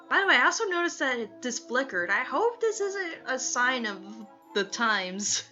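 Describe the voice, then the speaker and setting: Bright-voiced woman reading a game aloud. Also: sits high, normal speed, hardly any pauses. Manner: expressive, giggly asides. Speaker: let's play host reading a dating sim. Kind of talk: reading a visual novel aloud with comments. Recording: slightly muffled, faint music behind.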